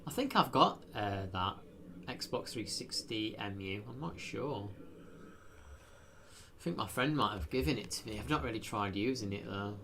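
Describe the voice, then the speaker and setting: A man's voice: on the low side, lively intonation, moderate pace, vocal fry, noisy background. A man chatting casually while live streaming a video game, rambling with lots of fillers. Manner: rambling, self-deprecating, frequent fillers.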